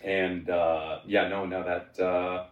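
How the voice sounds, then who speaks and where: A man's voice: slow, phone-quality sound, over a noisy crowd. Rambling man in his forties, roomy echo. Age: 40s. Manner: rambling storyteller, jumps into high excited voices when quoting himself. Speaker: guest. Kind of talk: casual chat.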